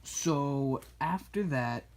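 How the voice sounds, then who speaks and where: A man casually recapping an animated film while he draws, rambling and correcting himself as he goes. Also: mid-range voice, drawn-out words. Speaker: drawing video maker.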